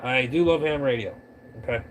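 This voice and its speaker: A man vlogs a casual, rambling rant on ham radio from home, his camera on a tripod, tripping over words while his allergies act up. He talks a little fast in a mid-range voice, with slight background noise.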